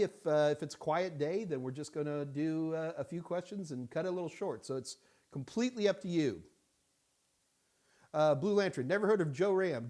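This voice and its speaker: A man's voice: a little high, a little mellow. A man hosting a live-stream Q&A. He chats casually, jokes, and greets viewers by name. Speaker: host answering viewer questions. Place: Houston studio.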